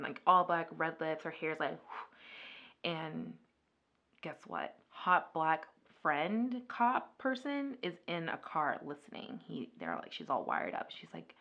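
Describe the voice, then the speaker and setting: A woman vlogger chatting casually through a makeup video, retelling a story in an animated way with lots of filler words. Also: sits low. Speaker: beauty vlogger. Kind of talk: casual makeup vlog chat.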